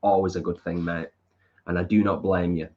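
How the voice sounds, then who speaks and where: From his home lounge, a man with a northern English accent co-hosts a casual live stream, reading out viewer comments and responding to them. His voice sits low and steady, he talks a little fast, and the recording sounds muffled.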